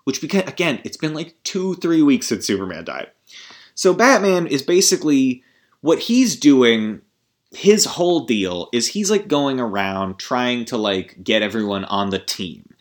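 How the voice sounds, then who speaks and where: A very animated man with a mid-range voice, speaking a touch slowly, hosts a podcast and tears into a film. His rambling, exasperated take includes swearing, side remarks, and many restarts.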